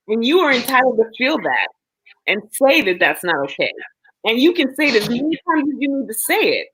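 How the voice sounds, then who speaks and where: A woman's voice: fairly high pitch, sing-song, a little fast, a bit bright, slightly rough, low-quality recording. A woman in a casual, supportive chat, talking earnestly and at length to reassure a friend.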